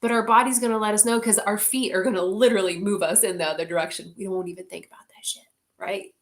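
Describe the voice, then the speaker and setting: A woman's voice: medium pitch, steady tone, fast talker. A woman leading an online group, talking casually, candid and heartfelt, with many "like"s and the odd swear word.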